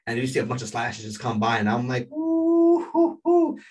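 Excitable rambling man, mic a bit distant. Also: medium pitch, fast talker. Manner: excitable, rambling, heavy on fillers. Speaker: anime episode reviewer. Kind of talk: casual episode recap.

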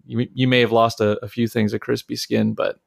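A man's voice: mid-range voice, level tone, fairly quick, vocal fry, no room sound, clean studio sound. A man from Detroit, a podcast host and father, telling family stories in a casual, rambling way with many fillers and restarts. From Detroit, Michigan, USA. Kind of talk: casual storytelling chat.

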